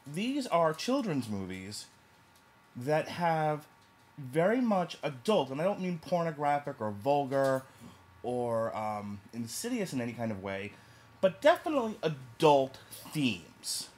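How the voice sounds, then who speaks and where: A man's voice: on the high side, big pitch swings, unhurried, darkish tone. A man from New York casually reviewing a movie, talking emphatically and rambling with restarts.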